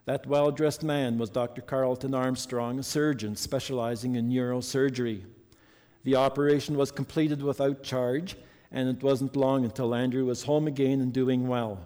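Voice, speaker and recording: A man's voice: mid-range voice, fairly even intonation, moderate pace, dark tone. A man preaching a sermon earnestly and reading a story to his congregation. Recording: long hall reverb.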